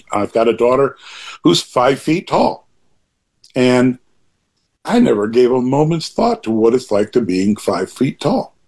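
An older man with a husky voice, talking in an earnest, rambling way with many restarts in a reflective conversation. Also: mid-range voice, darkish tone.

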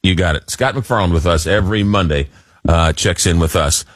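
A man hosting a late-night radio talk show, animated and jokey, often repeating words as he gets going, on a studio microphone. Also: low-pitched, fairly quick, no room sound.

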